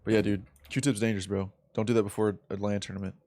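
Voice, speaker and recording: A man's voice: lowish voice, flat delivery, fast, darkish tone, dry recording. A young man chatting casually on a live game stream, telling a rambling story full of slang and swearing. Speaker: streamer and competitive gamer.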